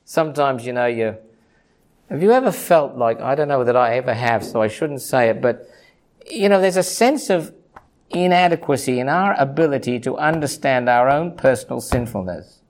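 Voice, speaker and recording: A man preaching a sermon, swinging from hushed low asides to high ringing emphasis, with rhythmic repeated phrases. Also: animated, normal speed. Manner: repetitive, rhythmic lists of phrases.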